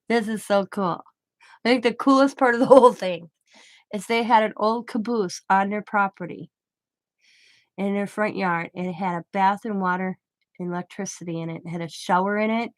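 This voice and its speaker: A middle-aged woman who makes craft vlogs rambles through a personal story as she crafts, speaking in a mid-range voice. Casual and chatty, she laughs and keeps correcting herself mid-sentence. The recording is dry and studio quality.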